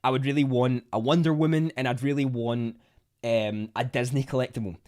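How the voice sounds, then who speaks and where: A man's voice: mid-range voice, steady tone, fairly quick, darkish tone. A Scottish man hosting a casual livestream, chatting to viewers in a rambling way and often restarting his sentences. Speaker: livestream host reading chat. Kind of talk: casual live chat.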